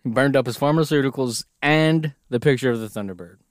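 A man trades jokes as a co-host in a loose, comedic conversation, now and then reading a story out loud. His voice sits at a middle pitch, and the recording is dry and close, with no room sound. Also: fairly quick, dry recording. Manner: joking, reads story aloud, laughs often. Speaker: podcast co-host. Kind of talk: casual comedic chat.

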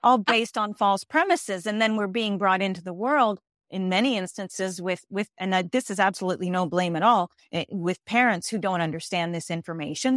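An executive life coach and author, appearing as an interview guest, explains her ideas insistently, repeating key phrases and restarting often. Her mid-range, slightly bright voice moves at normal speed with hardly any pauses, recorded close and dry.

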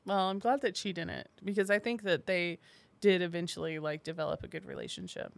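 A woman's voice: fairly low pitch, steady tone, fairly quick, creaky, dry recording. A woman co-hosting a casual book chat, giggling often and saying "like" a lot. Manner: giggly, lots of "like". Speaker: podcast co-host.

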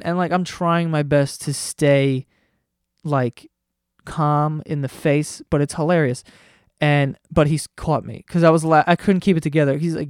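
A man hosting a comedy podcast, telling a story in a casual, excitable way, swearing often and breaking into laughter. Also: a little high, no echo, studio quality.

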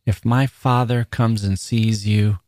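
A man's voice: on the low side, fairly even intonation, slow pace, dry recording, clean studio sound. A man voicing a frightened, defiant teenage girl. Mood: scared. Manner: sharp, scared retorts.

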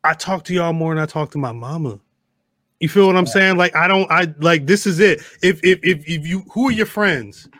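High-voiced man hosting a rowdy podcast. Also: normal speed, no room sound. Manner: loud, laughing, talks over others. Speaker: podcast host. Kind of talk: rowdy casual chat.

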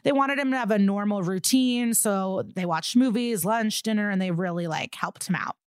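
A woman's voice: mid-range voice, normal speed, smooth, no room sound, clean studio sound. Woman animatedly retelling a true-crime story. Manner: animated storytelling, swears, acts out quotes. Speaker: podcast co-host. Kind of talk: casual true-crime recap.

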